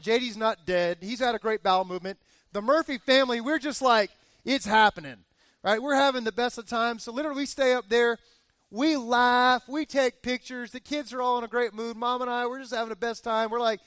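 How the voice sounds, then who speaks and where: A man in his forties preaching a sermon as pastor, telling a lively family story and acting out the cheers. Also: very high voice, clean tone, dry recording. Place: church.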